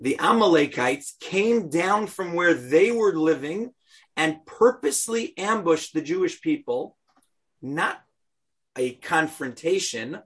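A man teaching a scripture lesson in an unhurried, deliberate rhythm, his voice a little husky. He stays chatty and animated, breaking off for jokes and chanting passages aloud. His voice sits a touch high for a man. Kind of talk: text study class, chanting scripture.

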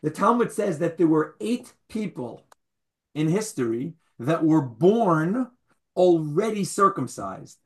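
A man's voice: fairly high pitch, very animated, takes it slowly. A man teaching a Torah class to a live group, quizzing his listeners, repeating key words and adding wry humorous asides.

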